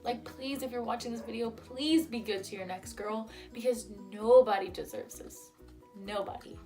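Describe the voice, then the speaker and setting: A woman's voice: fairly high pitch, fairly even intonation, moderate pace, dark tone, faint music behind. A young woman vlogger telling a personal story in a chatty, heated way, with lots of "like" fillers. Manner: chatty, heated retelling full of "like". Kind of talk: storytime vlog.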